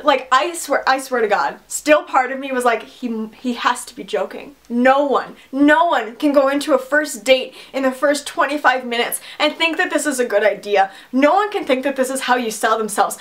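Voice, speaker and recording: A young woman telling a story to her camera at home, sarcastic and animated, breaking into laughs. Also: high-pitched. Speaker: vlogger. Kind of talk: casual storytime vlog. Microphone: camera mic.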